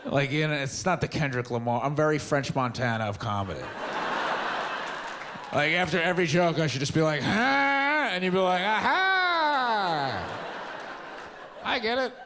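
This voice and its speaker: A man's voice: a little high, brisk, background noise. A young man, telling loose, mumbly stories in a stand-up set and acting out quotes. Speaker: stand-up comedian. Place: theater stage with a live audience.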